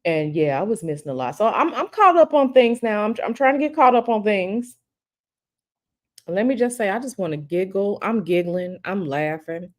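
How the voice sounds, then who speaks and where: A woman's voice: mid-range voice, lively intonation, normal speed. A woman hosting a casual livestream chat at home, reading viewer comments in a teasing, chatty way that hints at gossip and often repeats herself. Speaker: livestream host.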